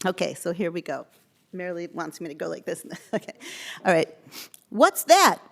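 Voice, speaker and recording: A woman's voice: fairly low pitch, fairly even intonation, brisk, creaky, darkish tone. A middle-aged woman giving a eulogy at a funeral service, reading aloud and laughing as she goes. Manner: amused, laughing through the reading. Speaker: eulogist, daughter of the deceased.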